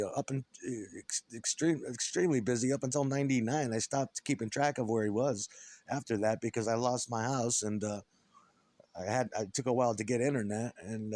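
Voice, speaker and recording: A man's voice: medium pitch, a little mellow, no echo. A middle-aged man from upstate New York, a former punk musician, talking alone in a profane, rambling, aggrieved rant full of restarts. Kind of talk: rambling solo monologue.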